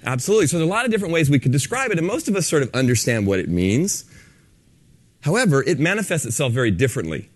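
A man's voice: fairly high pitch, fast. A man giving a talk to a live audience, telling a story and acting out the dialogue in his own voice. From San Francisco. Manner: animated storyteller, acts out dialogue. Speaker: speaker on authenticity.

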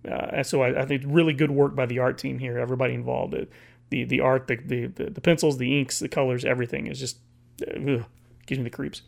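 Male comic reviewer, gravelly fry, mid pitch, casual and halting, thinking aloud through the pages. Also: flat delivery. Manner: halting, restarts often, reads panel dialogue aloud.

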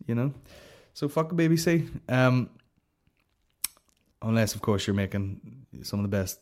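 A man's voice: medium pitch, normal speed, a little mellow. A man hosting a comedy podcast, rambling in profane, sarcastic banter. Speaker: podcast host.

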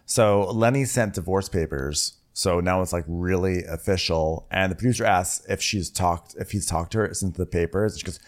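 Lower-voiced dry male co-host. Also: normal speed, hardly any pauses. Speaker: podcast co-host. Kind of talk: casual recap chat.

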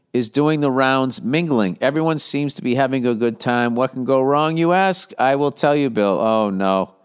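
A man's voice: medium pitch, smooth. A man hosting a podcast, reading listener letters and giving blunt, profane, rambling advice with mock exasperation. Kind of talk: casual profane advice rant.

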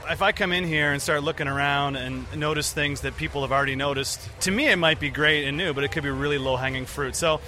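A man from Canada in a casual interview, talking in a relaxed, reflective way. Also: on the high side, quick pace, hardly any pauses. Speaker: comedian interviewee.

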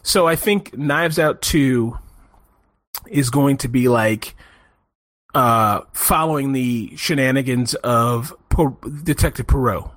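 A podcast co-host rambles through a movie review in loose, casual chat, animated and restarting a lot. He speaks slowly in a medium-pitched voice, and there's no echo.

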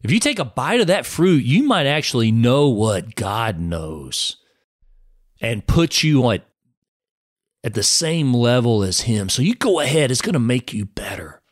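A man voicing a smooth, wheedling male devil who coaxes a listener into temptation, in a dry close recording. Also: mid-range voice, big pitch swings, measured pace, dry recording. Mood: coaxing.

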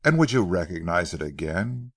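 A man voicing a haughty, mocking gentleman who brushes off a policeman's questions. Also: low-pitched, very animated, normal speed, slightly rough, dry recording, clean studio sound, heavily acted. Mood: scornful. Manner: scornful, dismissive laughter in his words.

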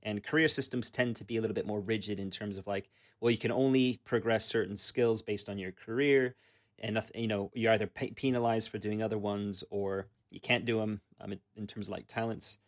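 A man's voice: fairly low pitch, fairly even intonation, brisk. A man co-hosting a tabletop gaming podcast, chatting casually with lots of fillers and restarts. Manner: rambling, many fillers and restarts. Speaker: podcast co-host. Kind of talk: casual chat about tabletop games.

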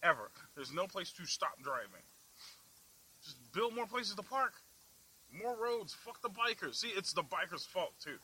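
Young male vlogger, high, very bright and forceful voice, profane angry rant recorded in a car with faint road noise. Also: big pitch swings, measured pace, rough recording. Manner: angry, foul-mouthed, laughing at himself. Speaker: vlog host. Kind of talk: profane ranting while driving. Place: in a car in the city.

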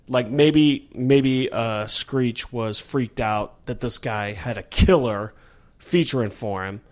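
A man's voice: mid-range voice, takes it slowly. A man, a comedian, in casual green room chat, complaining wryly and swearing freely. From Cleveland, Ohio. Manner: animated, swearing, wry complaints.

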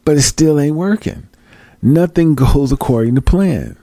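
A man's voice: a little high, lively intonation, measured pace, warm tone, dry recording. Man, casual rant, heated, profane, repeats himself, dry close sound.

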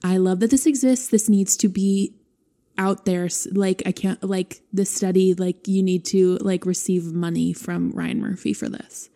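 A woman's voice: mid-range voice, steady tone, measured pace, creaky, mellow. A woman in her twenties co-hosting a podcast, chatting casually, gushing and emphatic, laughing often. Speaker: podcast co-host.

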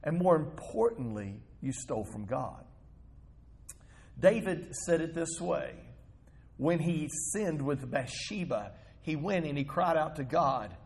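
Husky-voiced male pastor preaching. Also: fairly high pitch, sing-song, unhurried. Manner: conversational, storytelling preaching with rhetorical questions. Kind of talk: sermon.

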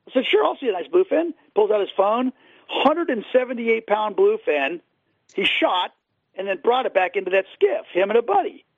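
A fishing guide and boat seller, a guest on a casual radio interview, tells fishing stories enthusiastically with many fillers. His voice is high-pitched with lively intonation and normal speed, heard over a dry, tinny phone line.

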